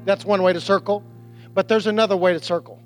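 A man preaching a sermon as a pastor, animated, with restarts and quotes he acts out. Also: high voice, fast, faint music behind.

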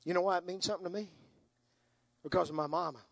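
An older man preaching a sermon, moving from hushed, tender storytelling to soaring, impassioned climaxes. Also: high-pitched, fairly even intonation, fast, vocal fry, no room sound.

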